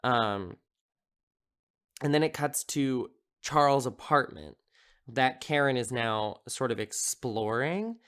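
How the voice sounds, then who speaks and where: A man's voice: mid-range voice, expressive, slow, fairly bright tone, clean tone. A man hosting a podcast, casually recapping a horror film in a rambling, amused way, with lots of filler words. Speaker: podcast host.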